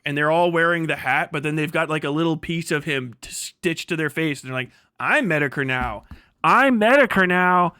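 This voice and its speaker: High-voiced, profane ranting man. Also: pushed and bright, dry recording, clean studio sound. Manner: ranting, profane, laughs a lot. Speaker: streamer host. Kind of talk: crude casual livestream chat.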